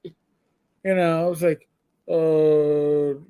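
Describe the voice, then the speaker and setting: A middle-aged man with a high voice rambles casually as co-host of a live show. He trips over his words, restarting sentences, and keeps the chat loose and friendly. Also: normal speed. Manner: rambling, stammering restarts, chatty.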